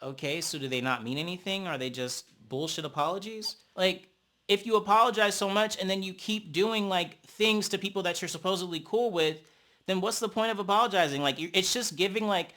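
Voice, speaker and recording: Sassy, excitable male recap host. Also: high-pitched, brisk. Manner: sassy, excitable, peppered with "honey" and "child"; breaks into gasps and cheers at fights. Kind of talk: casual episode recap commentary.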